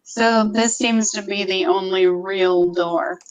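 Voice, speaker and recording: A woman's voice: medium pitch, steady tone, slow pace, low-quality recording. A woman player in a tabletop game, asking careful questions about the scene. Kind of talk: casual tabletop play.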